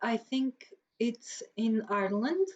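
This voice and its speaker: A woman in a casual group chat, speaking haltingly with many fillers. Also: on the high side, lively intonation, darkish tone. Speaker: stream co-host. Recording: dull lo-fi call audio with faint noise.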